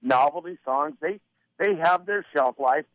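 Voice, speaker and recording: Animated male radio storyteller, higher voice. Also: a little slow, no room sound, low-quality recording. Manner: animated storyteller who acts out quoted dialogue; many fillers and repeated starts. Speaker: radio consultant, interview guest. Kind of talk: casual storytelling interview.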